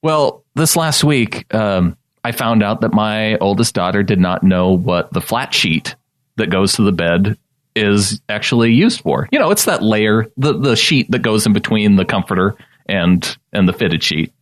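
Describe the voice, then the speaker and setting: A man's voice: on the low side, expressive, unhurried, no echo. A man co-hosting a sports podcast in casual chat, joking and laughing often, acting out quoted lines. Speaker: podcast co-host.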